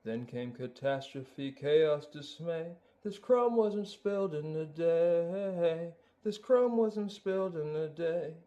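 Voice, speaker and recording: In a muffled recording, a man voices a swaggering cartoon bear, rapping and singing rhythmically in a put-on accent for a musical number. His voice is a little high and warm, the pace slow and the mood brooding.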